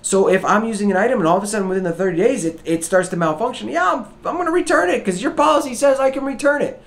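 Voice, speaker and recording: A young man telling a story to camera in a casual vlog rant, swearing freely and swinging between loud outbursts and low mutters. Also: quick pace. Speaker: vlogger.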